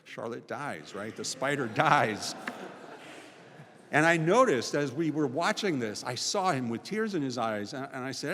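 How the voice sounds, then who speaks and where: A man's voice: medium pitch, big pitch swings, normal speed, a bit bright, slight background noise. Man in his sixties, chapel reverb. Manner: conversational, frequent "right?" tags. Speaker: guest speaker, sociology professor. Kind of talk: personal storytelling talk. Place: college chapel.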